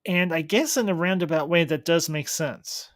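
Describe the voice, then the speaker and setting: A man giving a casual, enthusiastic review of a TV series, pausing and restarting as he thinks aloud. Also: on the high side, no echo. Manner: thoughtful, enthusiastic, with frequent restarts. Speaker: film reviewer.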